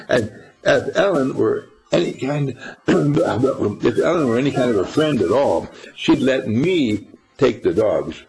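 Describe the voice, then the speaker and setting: A man's voice: mid-range voice, animated, slow, gravelly, darkish tone, low-quality recording. An older man giving an informal spiritual talk to a small group, folksy and rambling, quizzing his listeners as he goes. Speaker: spiritual teacher.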